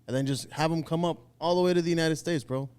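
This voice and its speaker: A man's voice: on the high side, steady tone, fast, a little mellow, clean tone. A young man co-hosting a podcast, teasing and joking in casual slang. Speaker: podcast co-host. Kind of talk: casual chat.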